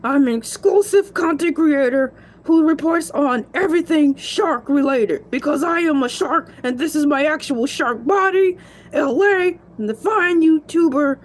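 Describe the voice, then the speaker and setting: In a comedic solo character show, a woman with a high voice plays a cocky male shark filling in as show host, chatting playfully and boastfully bragging as he rambles. Her pace is unhurried.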